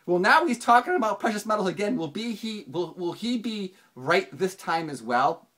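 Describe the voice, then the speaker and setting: Rambling finance channel host. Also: normal speed. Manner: rambling, with many restarts and fillers; animated, pitch jumps up for emphasis. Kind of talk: casual video commentary.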